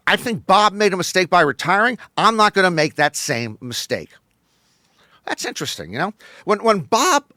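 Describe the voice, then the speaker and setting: A man hosting a show with a scripted comic monologue, wry and deadpan with sudden emphatic bursts. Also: fairly high pitch, no room sound, studio quality. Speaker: host.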